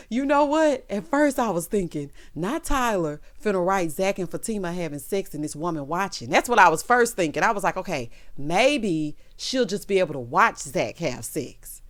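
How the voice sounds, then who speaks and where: A woman's voice: fairly low pitch, expressive, normal speed, hardly any pauses. A woman chatting through a TV episode recap, sassy and dramatic, calling her listeners child and honey and acting out the characters' lines. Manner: sassy, calls the audience child, honey and baby. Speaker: TV recap vlogger.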